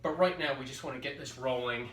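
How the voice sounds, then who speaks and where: A man's voice: mid-range voice, fast talker, fairly bright tone. A man teaching phys ed, demonstrating exercises and counting reps aloud while out of breath. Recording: roomy echo, distant mic, faint background noise.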